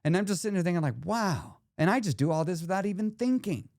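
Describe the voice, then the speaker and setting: A man's voice: high-pitched, lively intonation, quick pace, a little mellow, dry recording, studio quality. A man in his forties hosting a solo podcast as a weight-loss coach, explaining ideas to the listener in a conversational way.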